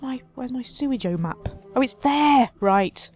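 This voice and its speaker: A woman's voice: high-pitched, lively intonation, moderate pace, few pauses, a little mellow, soft background music. A woman hosting a city-building let's play, chatting wryly and talking to her simulated residents as she builds. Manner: chatty, wry, talks to her sims. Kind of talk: casual game commentary.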